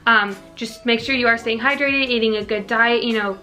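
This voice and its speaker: A woman's voice: on the high side, fairly even intonation, normal speed, sharp tone. A young woman answering viewer questions in a casual, earnest chat to camera, full of "like" and "you know". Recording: faint music behind.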